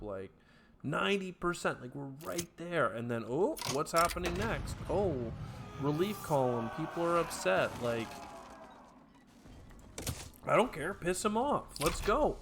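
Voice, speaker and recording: A man commentating his own strategy game playthrough, bursting into excited trash talk and then dropping to quiet mutters. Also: fairly high pitch, measured pace, a little hiss or hum. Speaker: let's play gamer. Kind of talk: gameplay commentary. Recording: clear game music behind voice. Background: game background music.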